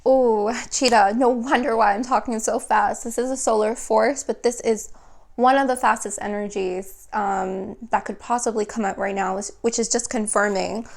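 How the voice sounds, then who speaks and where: Woman, young adult, tarot reader, slightly high voice, quick flowing talk, repeats her phrases. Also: fairly even intonation, vocal fry, slight background noise. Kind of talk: spiritual tarot reading.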